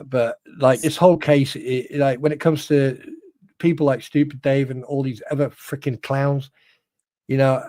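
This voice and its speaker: A man's voice: mid-range voice, a little mellow, no echo. Brief: blunt male co-host, plain-spoken, dry close sound. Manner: blunt, earnest, addresses viewers directly. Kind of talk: casual livestream chat.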